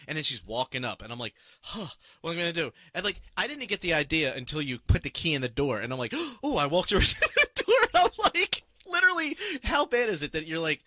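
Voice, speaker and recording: A man casually telling a story and reading comments, animated and profane, with many restarts and laughs. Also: on the high side, fairly quick, few pauses, dry recording.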